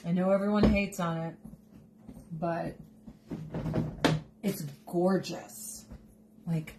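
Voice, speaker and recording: A woman's voice: on the low side, fairly even intonation, slow, pauses often. A woman hosting a casual cooking video in her home kitchen, chatting in a rambling, jokey way with side stories. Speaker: cooking show host. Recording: noticeable background noise.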